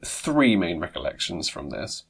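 A man's voice: low-pitched, sing-song, unhurried, creaky, husky. A man from England in casual chat, telling stories with dry, self-mocking humour and frequent laughter. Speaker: podcast co-host.

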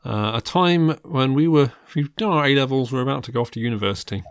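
A man's voice: medium pitch, fast talker, clear, resonant tone, dry recording. A man in his thirties co-hosting a podcast, chatting casually with dry, teasing banter. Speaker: podcast co-host. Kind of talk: casual chat.

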